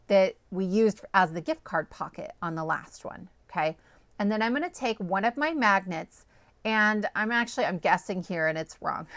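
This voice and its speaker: A woman talks viewers through a card-making project in a chatty, upbeat voice at an ordinary pitch. She often checks in with quick "okay?" and "right?" asides. The recording is close and dry, with no room sound. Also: animated, sharp tone, no room sound. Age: adult, parent of small children. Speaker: card-making tutorial host. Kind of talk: step-by-step crafting tutorial.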